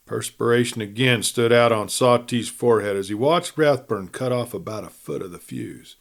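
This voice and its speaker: A man narrating a western novel at a measured, even pace as host of a storytelling series. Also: medium pitch, gravelly. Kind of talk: audiobook-style reading aloud.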